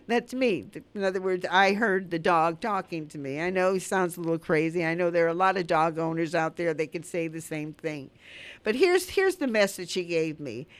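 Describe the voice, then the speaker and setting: An older woman hosting a radio talk show, reading her poems slowly and warmly, then chatting about them. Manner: slow, heartfelt recitation with lively rises in pitch. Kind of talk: poetry reading and casual chat.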